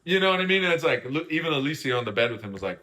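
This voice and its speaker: A man's voice: fairly high pitch, sing-song, rapid-fire, bright, forceful tone. A young man hosting a casual reality-show recap, chatty, often asking "right?" and acting out what people said. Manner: chatty, keeps asking "right?" and "you know what I mean?", acts out quoted lines. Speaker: host.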